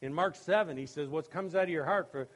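A pastor with a slightly high voice, talking a little fast, preaches a sermon conversationally. He sprinkles in many "you know" and "okay?" asides and laughs as he acts out quoted voices in humorous anecdotes.

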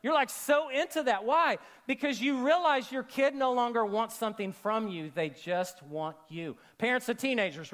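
A man preaching a sermon to a congregation, animated, acting out quoted voices and dropping to soft, intimate tones for emphasis. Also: very high voice. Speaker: pastor. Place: church auditorium with a congregation.

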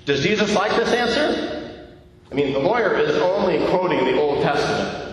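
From the pulpit of an echoey church hall, recorded at a distance, a man delivers a sermon full of self-deprecating humor and direct questions to the congregation. He sounds animated, with a voice on the high side and a moderate pace.

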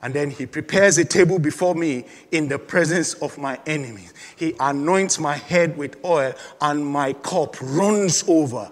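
A man's voice: on the high side, moderate pace, few pauses, big-room sound. A man preaching a sermon with emphatic repetition, calling on the congregation to respond. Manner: emphatic preaching with repeated calls and congregation prompts. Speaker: pastor.

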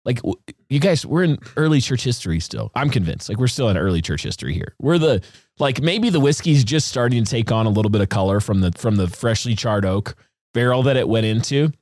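Male podcast co-host, mid-pitched, animated and laughing, dry close recording. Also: a little fast, dry recording. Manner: animated, laughs often, uses vivid analogies. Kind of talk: casual discussion.

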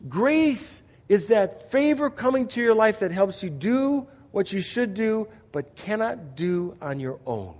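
High-pitched pastor guy preaching, punchy and storytelling, big echoey sanctuary. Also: very animated, unhurried, few pauses, a little mellow. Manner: emphatic, storytelling, rhetorical questions. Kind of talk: sermon.

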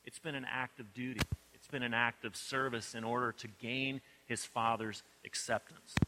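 A male preacher delivers a sermon at an average pitch, retelling the story with feeling. He drops to hushed, low lines and then builds to forceful emphasis. A steady clicking noise sits clearly under the recording. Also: moderate pace. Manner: expressive storytelling, swings between soft and emphatic.

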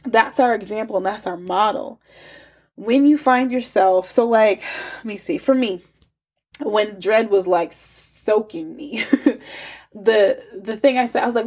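A woman's voice: medium pitch, moderate pace, darkish tone, slightly rough. A woman giving a casual, emphatic devotional teaching with chatty asides, her nose stuffy and congested. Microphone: phone.

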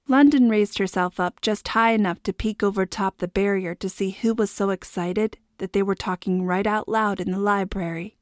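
A woman narrating a novel in a steady, expressive reading voice. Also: medium pitch, normal speed, few pauses, dry recording, studio quality. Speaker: audiobook narrator. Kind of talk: scripted narration.

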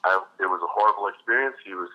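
A man's voice: on the low side, racing, highs cut off. A man, a retired hockey enforcer, telling profane stories as a podcast guest. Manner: profane, animated anecdotes with acted quotes. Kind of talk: casual storytelling interview.

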